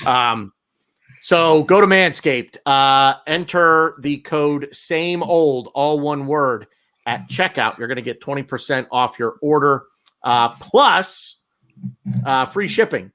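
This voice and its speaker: A man's voice: mid-range voice, lively intonation, takes it slowly, fairly bright tone. A man hosting a casual football fan podcast, rambling and repeating himself as he reads sponsor plugs. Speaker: podcast host.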